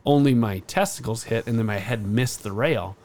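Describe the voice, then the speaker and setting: A man in his thirties telling a long story on a casual podcast, acting out the other people's lines loudly. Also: medium pitch, normal speed. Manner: animated storyteller, acts out quotes loudly. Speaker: podcast host.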